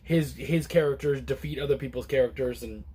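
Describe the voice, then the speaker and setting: A man reviewing a comic book in a casual, relaxed chat to camera, rambling with many restarts and fillers. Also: fairly quick, breathy edge. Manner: relaxed and low-key.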